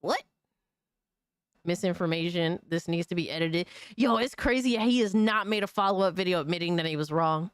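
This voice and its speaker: A woman's voice: on the low side, normal speed, clear, resonant tone, dry recording, studio quality. A woman hosting a gaming news live stream, chatting casually with viewers in a loose, profane way and laughing often. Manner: loose and profane, laughing often, calling people brother and dog.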